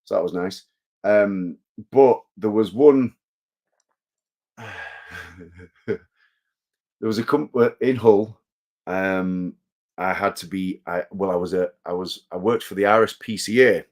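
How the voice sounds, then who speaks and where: A man with a fairly low voice chats as a guest in a casual interview. He rambles through stories with restarts and pokes fun at himself. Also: slow, pauses often, darkish tone. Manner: self-deprecating, rambling storyteller. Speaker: guest wrestler.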